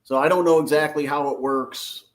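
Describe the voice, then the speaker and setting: A man's voice: on the high side, fairly even intonation, moderate pace. A man who is a retired police officer answering interview questions, hesitant and unsure.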